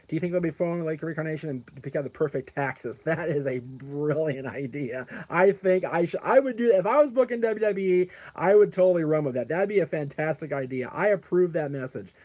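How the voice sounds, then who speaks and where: A man with a fairly high, slightly mellow voice hosts a casual live stream at a brisk clip. He rambles, reads out and answers chat comments, and keeps correcting himself amid plenty of fillers.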